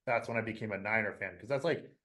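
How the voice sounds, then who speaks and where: A young man from Michigan hosting a casual podcast, talking in a rambling, excitable way full of fillers. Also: lowish voice, quick pace. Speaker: podcast host.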